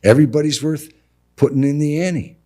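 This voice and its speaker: A man's voice: fairly high pitch, a little fast. A middle-aged man, a contractor on a podcast, telling stories casually and acting out both sides of conversations with slangy asides. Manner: animated, acts out dialogue, slangy with "bro" and "dude". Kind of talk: casual storytelling interview.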